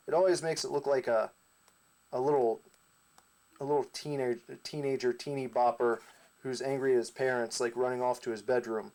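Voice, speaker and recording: A man's voice: medium pitch, darkish tone. Casual rambling male comic narrator. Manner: rambling, casual, with fillers and asides. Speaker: comic creator.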